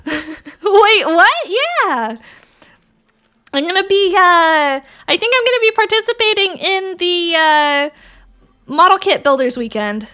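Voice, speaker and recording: A woman's voice: extremely high pitch, bright, forceful tone. A woman streamer chatting casually with her viewers, crude and giggly, bantering with chat. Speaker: VTuber streamer.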